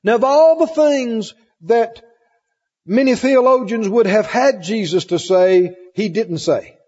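A man preaches with emphatic repetition, pressing his congregation with questions. His voice sits high and has a husky edge. The recording is muffled, and the sound rings with long reverb from the church hall. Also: takes it slowly, darkish tone. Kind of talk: sermon.

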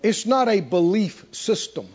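A man preaching a sermon with animated emphasis, often asking the congregation questions. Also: high voice, a little slow. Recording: dull lo-fi recording.

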